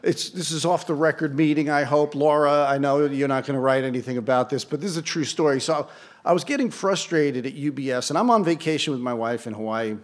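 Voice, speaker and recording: A man's voice: a little high, fairly quick. A man in his sixties gives a speech to an audience at an event. He tells an anecdote with dry, self-deprecating asides. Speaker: award ceremony speaker. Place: event hall before an audience.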